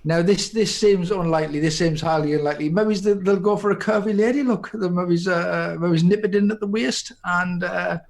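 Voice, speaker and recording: A man's voice: high-pitched, fairly even intonation, moderate pace, vocal fry, hardly any pauses. A man co-hosting a podcast, chatting casually and rambling with many restarts. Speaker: podcast co-host. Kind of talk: casual chat.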